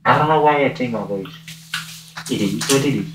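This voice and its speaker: A man's voice: mid-range voice, a little fast, natural voice. A man playing a wisecracking masked male antihero with a gun during a livestream, talking to viewers in a cocky, teasing way, his voice muffled by a mask. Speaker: cosplayer livestreaming. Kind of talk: in-character livestream banter. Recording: roomy, distant mic, noisy.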